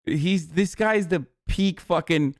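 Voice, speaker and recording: A man reacting to a video on a live stream, casual, profane and excitable. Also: high-pitched, takes it slowly, no room sound, clean studio sound.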